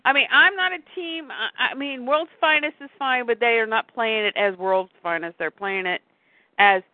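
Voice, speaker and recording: A woman co-hosts a podcast in casual chat, rambling, breaking off mid-sentence and acting out quotes as she goes. Her voice is fairly high and her pace moderate. The line sounds tinny and phone-like, without echo.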